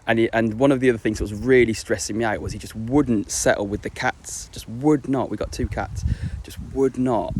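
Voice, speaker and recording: A man's voice: medium pitch, darkish tone, a little hiss or hum. A young man chatting casually to camera, rambling and swearing, full of fillers and restarts. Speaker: vlogger.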